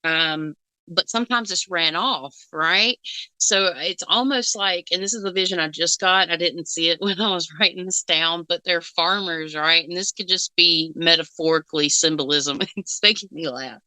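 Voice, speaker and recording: A woman's voice: on the low side, normal speed, sharp tone, smooth, dry recording, low-quality recording. A woman co-hosting a casual reaction chat as a psychic, rambling with fillers and frequent giggles. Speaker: psychic co-host.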